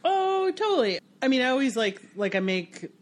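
A woman's voice: sits high, very animated, normal speed. An American woman in casual conversation, telling stories with lots of restarts and fillers. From United States. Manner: chatty, storytelling with many restarts. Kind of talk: casual chat.

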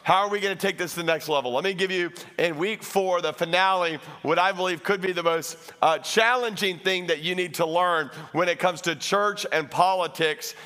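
A pastor delivers a lively sermon in a high, ringing voice. His tone is bright and forward, and he talks straight to the congregation. He keeps the energy up and bursts into loud, comic shouts. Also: moderate pace, hardly any pauses. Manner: addresses the congregation directly.

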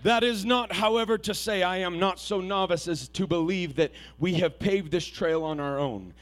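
Man, fairly high voice, preacher. Goes from soft, halting storytelling to loud, shouting exhortation. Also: slight background noise. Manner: earnest and self-deprecating, with frequent restarts. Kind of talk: sermon.

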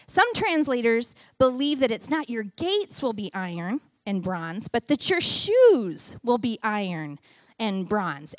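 A middle-aged woman giving a sermon with a children's object lesson, animated and playful as she talks to the kids and the congregation. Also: high voice, dry recording, studio quality. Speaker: church speaker giving a children's message.

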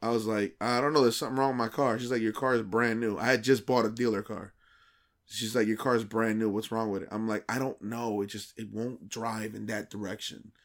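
A man co-hosting a podcast, telling a dating story in casual, profane slang and acting out the quoted dialogue with lively shifts. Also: lowish voice, brisk. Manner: animated, acts out quoted dialogue; profane, slangy street talk.

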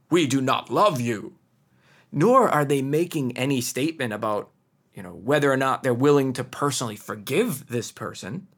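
A man preaching a sermon, earnest and emphatic, with pointed rhetorical questions. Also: fairly high pitch.

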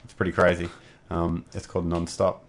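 A man's voice: low voice, completely flat delivery, fairly quick. A man co-hosting a podcast, chatting in a rambling, profane, laid-back way. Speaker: podcast co-host. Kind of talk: casual chat.

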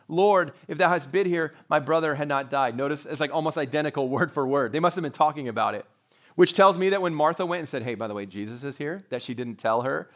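A man's voice: fairly high pitch, fairly bright tone. A man who is a pastor, preaching a sermon in a conversational way, with rhetorical questions and joking asides.

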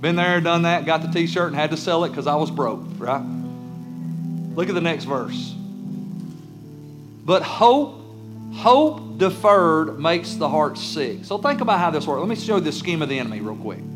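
A man's voice: a little high, lively intonation, moderate pace, music in the background. A man preaching a sermon as a pastor, emphatic, sometimes acting out the pleading voices of churchgoers and children. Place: church sanctuary.

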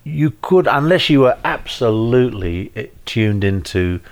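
A man's voice: mid-range voice, animated, unhurried. A middle-aged British man with a neutral received-pronunciation accent, chatting casually as a guest, hesitant with many restarts and a dry understated tone. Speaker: actor, guest. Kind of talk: casual chat.

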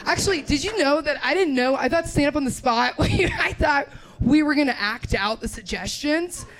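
A woman's voice: high-pitched, expressive, normal speed, a bit bright. A young woman from Indiana doing crude, laughing stand-up, riffing with the audience on a club stage. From Indiana, USA. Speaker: stand-up comedian. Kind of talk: crowd-work stand-up. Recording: live club with crowd laughter.

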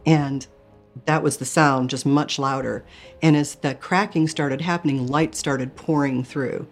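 A woman's voice: sits low, fairly even intonation, measured pace, faint music behind. A woman from Michigan telling an emotional personal story in earnest, often acting out her own thoughts. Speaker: near-death experience storyteller.

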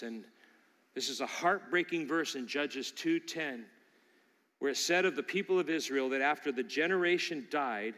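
A man preaching a sermon, emphatic and swinging from loud declarations to hushed appeals. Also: medium pitch, in a large hall.

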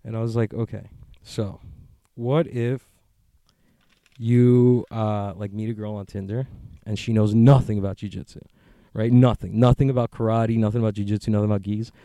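A man's voice: lowish voice, flat delivery, normal speed, dark tone, no echo. A man talking in a casual, rambling monologue, swearing often and joking as he goes.

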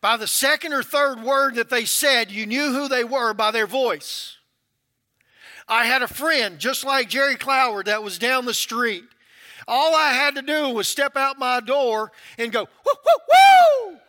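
A man's voice: very high-pitched, measured pace, pushed and bright. A male pastor preaching a sermon in a folksy, conversational way.

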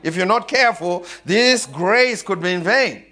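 A man's voice: sits high, animated, normal speed, bright, forceful tone. A man preaching a sermon, calling out questions for the congregation to answer and laughing often. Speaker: pastor.

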